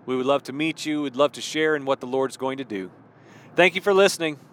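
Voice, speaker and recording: A man's voice: mid-range voice, fairly quick, slight background noise. A man hosting a podcast and preaching in a fervent, rambling way, repeating phrases for emphasis. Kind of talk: impassioned podcast sermon.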